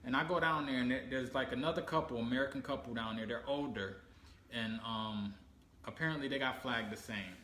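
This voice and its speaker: A man co-hosting a casual family chat, recounting a trip and acting out the people in it, often laughing. His voice is bright and clear. The room is echoey, with a faint hum behind him. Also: medium pitch, a little fast. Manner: animated storyteller, acts out quoted people, laughs while telling. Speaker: co-host of a family channel.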